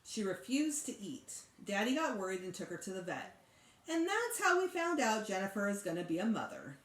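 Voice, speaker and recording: Animated woman reading a children's book. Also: medium pitch, normal speed. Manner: expressive, animated storytelling. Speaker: teacher. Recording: echoey room.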